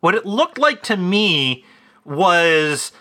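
A man's voice: high-pitched, big pitch swings, slow, pushed and bright. A man co-hosting a podcast in casual chat, cracking crude jokes and stammering on his starts. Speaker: podcast co-host.

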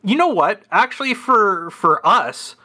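A man's voice: high voice, animated, a little slow, pushed and bright. A man, co-hosting a podcast in dry, wry casual chat. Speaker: podcast co-host.

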